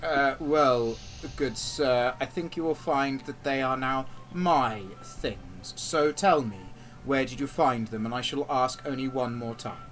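A man playing a stern male interrogator who speaks slowly and formally, with quiet menace. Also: medium pitch, soft background music, natural voice. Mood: menacing. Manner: slow, measured, formal menace.

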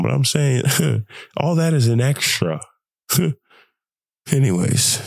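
A young man hosting a podcast, sick with the flu, talking in an animated, preachy way and laughing often. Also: mid-range voice, vocal fry, no room sound. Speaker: podcast host. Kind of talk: casual motivational monologue.

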